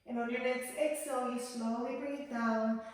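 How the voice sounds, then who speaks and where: A woman leads a yoga class, calmly cueing each breath and movement in a gentle, guiding way. Her voice sits a little high. She sounds distant from the mic, in a large room with a long, ringing echo. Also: moderate pace. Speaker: yoga teacher. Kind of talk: guided yoga class instruction. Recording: echoey room, voice from far off the mic.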